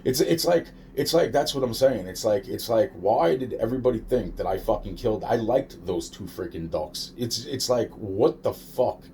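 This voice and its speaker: A man's voice: lowish voice, animated, moderate pace, hardly any pauses, a little mellow, slight background noise. A man telling a rambling personal story, swearing often and restarting his sentences. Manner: profane, rambling, many restarts and repeated fillers.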